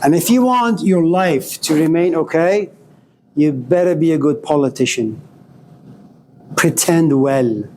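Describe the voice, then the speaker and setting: Animated high-voiced man lecturing. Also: a little slow, a little hiss or hum. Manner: animated storytelling, acts out quoted voices. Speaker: philosophy lecturer. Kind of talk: classroom lecture.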